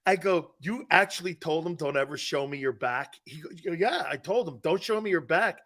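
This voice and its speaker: Animated middle-aged man telling a story. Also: fairly high pitch, moderate pace, hardly any pauses. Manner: excitable, laughs loudly, acts out quotes. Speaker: sports talk show host. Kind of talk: animated storytelling on a sports talk show.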